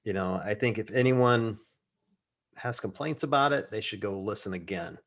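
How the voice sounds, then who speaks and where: A man co-hosting a podcast in casual chat, joking and often trailing off into quiet asides. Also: fairly low pitch, moderate pace. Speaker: podcast co-host.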